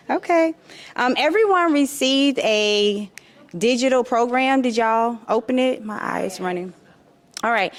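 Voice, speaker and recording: A woman who runs a publishing house, giving a heartfelt, tearful thank-you speech to an audience at her book launch on a handheld microphone. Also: fairly high pitch. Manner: warm, tearful, effusive gratitude. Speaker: publisher and host. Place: event hall with live audience.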